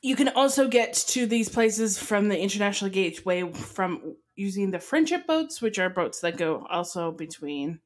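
A woman co-hosting a podcast, chatting casually and explaining tips with many fillers. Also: mid-range voice. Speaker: podcast co-host. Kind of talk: casual chat.

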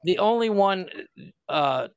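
A man's voice: sits high, animated, slow, creaky, clear, resonant tone, dry recording, muffled recording. A man co-hosting a podcast, joking loosely, laughing often and swearing freely. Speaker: podcast co-host. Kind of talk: casual banter.

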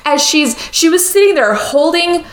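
A woman's voice: very high-pitched, lively intonation, moderate pace, echoey room. A woman co-hosting a podcast, recapping a movie in a loose, rambling way with lots of fillers. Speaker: podcast co-host.

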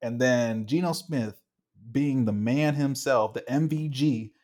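Young male co-host, casual football chat, excitable, mid-range voice. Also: mid-range voice, takes it slowly. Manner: animated, gets worked up, acts out quotes. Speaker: podcast co-host.

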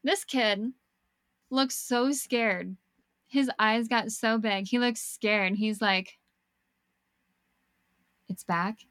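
A young woman telling a personal story in casual chat, animated and swearing freely as she acts out what people said. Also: on the high side, takes it slowly, no room sound, clean studio sound. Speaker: podcast guest storyteller.

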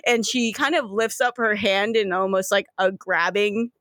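A woman's voice: medium pitch, moderate pace, a bit bright, dry recording, studio quality. A woman narrating as game master in a rambling, casual way.

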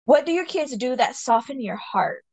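A young woman interviewing her father, playful and expressive. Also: high-pitched, normal speed, breathy edge, no room sound. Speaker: interviewer, daughter. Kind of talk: casual family interview.

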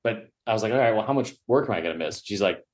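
A man telling a long story on a podcast, acting out the other people in it and swearing as he goes. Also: racing. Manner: animated storyteller, acts out quoted voices with pitch jumps; profane, joking. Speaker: podcast guest, sports media personality. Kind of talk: casual storytelling.

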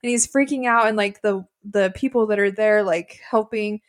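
A woman with a mid-range voice talks at a normal speed while co-hosting a podcast. She casually recaps a reality show episode, staying relaxed and agreeable and laughing along.

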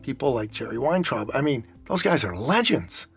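A man's voice: mid-range voice, big pitch swings, moderate pace, soft background music. A man hosting a podcast, chatting eagerly with his guest. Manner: eager, enthusiastic interjections. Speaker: podcast host. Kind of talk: casual interview chat.

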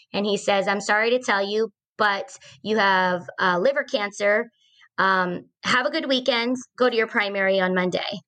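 A woman's voice: mid-range voice, pushed and bright. A woman in her forties, a podcast host, earnestly telling a personal story in a conversational way, with fillers and restarts.

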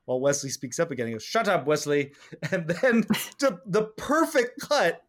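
Male podcast co-host, 40s, lively casual chat, slightly high pitch, quick to laugh. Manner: animated, laughs often, quotes lines.

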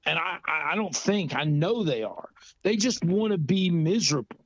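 A man's voice: a little high, expressive, normal speed, no echo, muffled recording. A man co-hosting a casual, joking chat, sarcastic and fond of putting on silly voices. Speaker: podcast co-host.

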